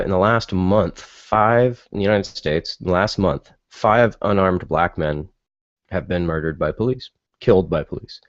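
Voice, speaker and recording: A man's voice: sits low, no echo, highs cut off. A man hosting a casual opinion monologue, exasperated and full of incredulous rhetorical questions and fillers. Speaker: podcast host.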